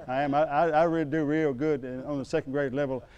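A middle-aged man preaching a sermon, telling a personal story in a folksy way that swings from loud to hushed. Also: a little high, steady tone, quick pace, smooth, highs cut off. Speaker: pastor.

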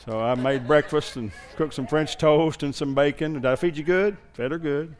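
Male pastor, fairly high voice, folksy storytelling sermon with shouted peaks. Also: moderate pace.

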